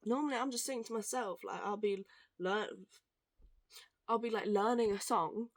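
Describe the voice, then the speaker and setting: A young woman telling stories in a casual, animated rant, swearing and acting out what others said. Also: mid-range voice, dry recording. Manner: animated, swearing, quick asides, acts out quoted voices. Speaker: vlogger.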